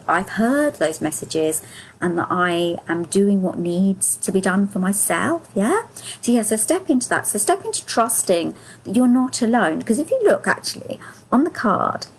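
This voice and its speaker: A woman leading a live angel card reading, speaking in a gentle, affirming, soothing way. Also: mid-range voice, breathy edge, rough recording. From United Kingdom. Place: home, live stream.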